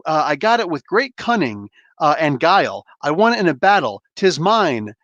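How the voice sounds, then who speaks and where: A man's voice: fairly high pitch, big pitch swings, normal speed, a bit bright, no room sound, lo-fi sound. A man reading the boastful lines of a young woman fighter in close to his own voice.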